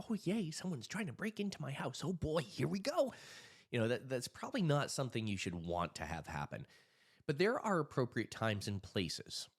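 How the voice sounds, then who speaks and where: Animated, low-voiced male storyteller. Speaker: hypnotist and anxiety coach. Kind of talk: casual storytelling and advice to camera.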